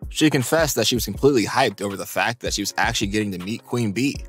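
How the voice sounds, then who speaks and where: Man, low voice, scripted countdown narration, faint music underneath. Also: fast talker, breathy edge. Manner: even, steady read-out delivery.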